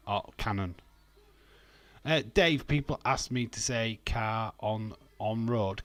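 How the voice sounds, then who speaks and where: A man's voice: on the low side, a little slow, no room sound. A man with a Yorkshire accent casually chatting and bantering with his live-stream viewers, rambling and swearing now and then. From Yorkshire, England. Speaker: wrestling watch-along streamer. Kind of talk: casual live-stream chat, reading comments.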